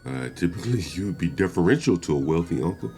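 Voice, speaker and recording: A man hosting commentary on a clip, speaking in a measured, analytical way and chuckling between points. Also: low voice, lively intonation, mellow, slight background noise. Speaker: commentary host.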